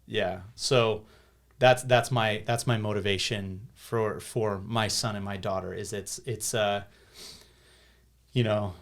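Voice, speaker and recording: A man's voice: on the low side, steady tone, slow. An American man in his thirties, a podcast guest telling a personal story in earnest, casual talk with many restarts and repeated words. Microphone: podcast studio microphone.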